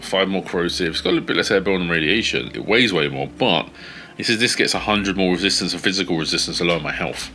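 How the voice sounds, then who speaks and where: Deep-voiced man, swearing gamer. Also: fast talker, a little hiss or hum. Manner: swears a lot, shouts at teammates. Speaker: gaming streamer. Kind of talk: casual let's play commentary.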